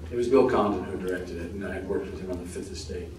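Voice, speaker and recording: An American man answering audience questions on a convention panel, relaxed and self-deprecating, laughing often. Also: sits low, quick pace. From United States. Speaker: actor guest on a convention panel. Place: large convention hall with audience. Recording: very echoey hall from far off, noisy.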